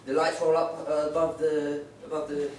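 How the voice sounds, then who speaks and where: A man's voice: fairly high pitch, monotone, normal speed, a little mellow, distant mic, a little hiss or hum. Young man doing stand-up in an echoey pub. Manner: rambling, joking, playful put-on voices. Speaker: stand-up comedian. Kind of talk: stand-up comedy set. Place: pub stage.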